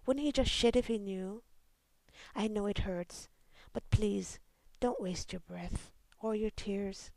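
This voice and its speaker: A woman voicing an agitated, chatty woman in a poem reading, speaking quickly and emphatically. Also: mid-range voice, creaky, no room sound. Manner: quick, emphatic, rising to yells.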